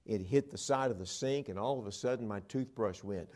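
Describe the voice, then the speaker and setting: A man preaching a sermon, telling stories and swinging between loud emphatic lines and hushed ones. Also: lowish voice, brisk.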